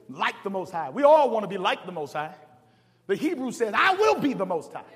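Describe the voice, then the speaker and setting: A man preaching a sermon as pastor, swinging from quiet talk to hollering. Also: high-pitched. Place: church sanctuary. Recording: long reverb of a large hall.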